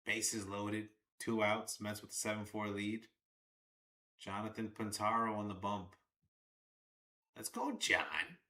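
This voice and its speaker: A young man with a lowish voice gives casual live fan commentary on a baseball game. He is chatty and excitable, cheering players on and cursing when plays go wrong. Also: takes it slowly, pauses often. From Long Island, New York.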